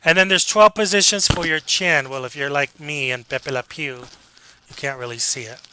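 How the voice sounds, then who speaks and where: A man giving a casual classroom lecture, joking with students, acting out quick examples and checking in with a frequent "okay?". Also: fairly high pitch, bright, forceful tone, a little hiss or hum, rough recording. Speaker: college lecturer.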